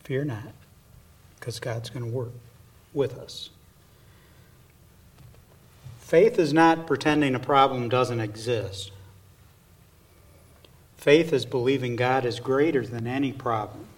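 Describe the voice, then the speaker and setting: A man preaches a sermon at an unhurried pace. His delivery is earnest, and now and then he drops to a hushed aside. The voice is picked up from some distance away from the mic. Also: mid-range voice. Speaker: pastor.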